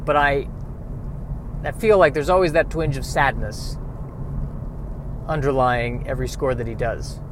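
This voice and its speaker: A man's voice: medium pitch, fairly even intonation, a little slow, long pauses, background noise. An American man in a car, rambling in casual chat with joking, self-mocking digressions. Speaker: vlogger.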